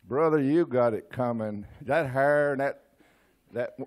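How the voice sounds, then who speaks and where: Folksy older East Texas preacher. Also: male voice, mid-range voice, a little slow. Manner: folksy storytelling with stammered restarts. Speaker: church speaker. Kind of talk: folksy sermon.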